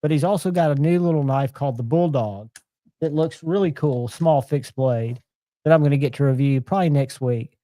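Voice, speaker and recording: A man's voice: on the high side, brisk, dark tone, no room sound. A man, chatting casually and enthusiastically as host of a live knife show.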